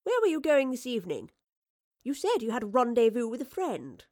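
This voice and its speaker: Guarded professor, sharp questions, evasive, a woman voicing her. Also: fairly high pitch, very animated, a little fast, no echo, clean studio sound, voice pushed up. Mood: probing. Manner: probing questions, hesitant when cornered.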